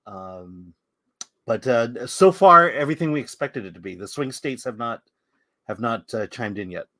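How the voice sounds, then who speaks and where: A man with a mid-pitched voice updates the vote counts on a live stream, stopping often with fillers. The sound is dry and close. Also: animated, pushed and bright, no room sound. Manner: halting, filler-heavy.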